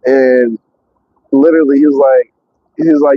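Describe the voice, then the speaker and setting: A man driving a truck, chatting casually on a live stream, excitable and rambling with many fillers, out of breath. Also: mid-range voice, moderate pace, long pauses, narrow, tinny audio. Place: in and around a truck.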